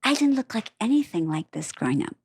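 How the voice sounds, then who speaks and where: A woman's voice: a little high, quick pace, husky, no echo, clean studio sound. Candid, chatty woman telling her story. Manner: candid, animated storytelling with many fillers. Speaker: guest author. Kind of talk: casual interview chat.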